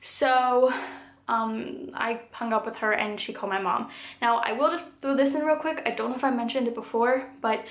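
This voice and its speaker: A woman in her twenties tells a long storytime vlog, her voice sitting a little on the high side. She talks casually and loosely, filling gaps with "like" and "um." The recording carries a noticeable room echo. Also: steady tone, moderate pace. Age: 20s. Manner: chatty, filler-heavy telling with frequent "like" and "um". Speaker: vlogger. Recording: echoey room.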